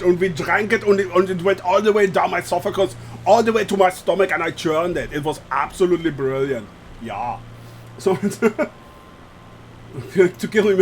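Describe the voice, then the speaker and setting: A man's voice: high-pitched, a little hiss or hum. A man, chatting live with viewers while streaming a flight sim, joking and laughing often as he reads the chat aloud.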